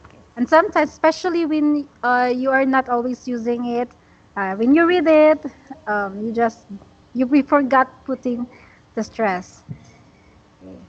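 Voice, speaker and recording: A woman teaching an English lesson, talking slowly and patiently with many fillers. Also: high voice, dull audio.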